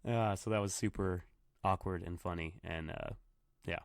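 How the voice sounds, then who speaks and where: A man's voice: low voice, steady tone, normal speed, no echo, clean studio sound. Man telling profane stories on his podcast. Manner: profane, rambling storyteller. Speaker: podcast host, bartender. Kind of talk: casual solo podcast monologue. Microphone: computer microphone.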